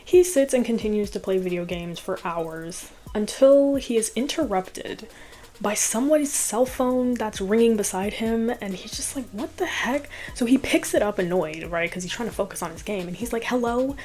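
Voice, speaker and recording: A woman's voice: mid-range voice, moderate pace, warm tone. A woman chatting casually as she recaps a movie, laughing often and peppering it with "like.".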